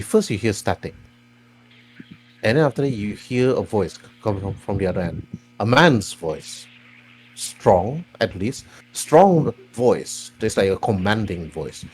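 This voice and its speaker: A man's voice: lowish voice, animated, moderate pace, darkish tone. A man narrating a tabletop role-playing game as game master, with meandering, restart-filled phrasing.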